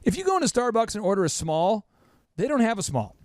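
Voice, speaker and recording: A male podcast host talks business in a high, bouncing voice that swoops up and down. He leans hard on key words and repeats lines for punch, and the sound is close and dry. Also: sing-song, fast, a little mellow, no room sound. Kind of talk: energetic business podcast talk.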